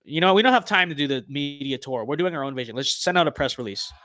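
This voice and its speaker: A young man casually commenting on his own gameplay, sarcastic, muttering to himself and then bursting into excited shouts. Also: a little high, fast. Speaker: streamer.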